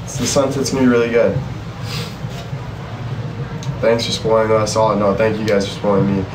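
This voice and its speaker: A man's voice: on the low side, steady tone, moderate pace, noisy background. A man from Canada chatting casually to viewers on a phone live stream, upbeat and addressing them directly. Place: outdoors by the sea. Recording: echoey and distant with loud ambience.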